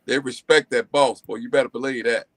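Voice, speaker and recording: A man's voice: medium pitch, steady tone, fairly quick, no room sound. Male guest, casual and emphatic, dry close sound. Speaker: guest on a live stream. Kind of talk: casual chat.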